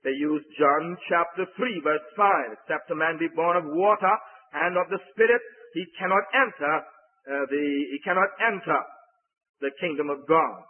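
A man's voice: on the high side, normal speed. A man preaching a sermon, emphatic, repeating key words with many fillers, heard through a phone-like recording in a church hall. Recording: phone-like sound with long hall reverb.

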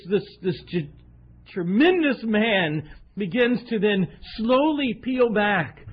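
Animated high-voiced male preacher. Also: muffled recording, slight background noise. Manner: animated, self-mocking storyteller acting out voices. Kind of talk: sermon storytelling.

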